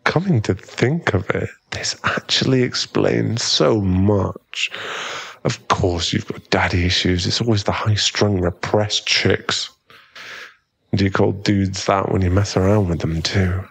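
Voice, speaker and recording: A man's voice: deep voice, fairly even intonation, slow pace, gravelly, breathy edge, exaggerated voice. A man voicing a cocky, mocking young male bully in a whispered role-play, with a smug, drawling manner close to the mic. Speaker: ASMR roleplay performer.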